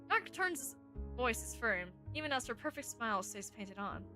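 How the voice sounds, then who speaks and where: A woman's voice: on the high side, big pitch swings, normal speed, sharp tone, soft background music. A woman streamer reading a visual novel aloud, narrating in a playful way and often breaking off to comment on the text. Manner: playful, self-interrupting narration.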